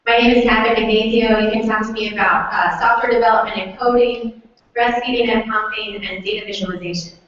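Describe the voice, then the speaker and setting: A woman's voice: a little high, steady tone, fairly quick, a bit bright. A woman organizer making upbeat announcements at a hackathon, recorded from across a large room. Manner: upbeat, listing sponsors. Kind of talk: event announcements. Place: large echoey room, from far off. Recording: distant roomy lo-fi recording.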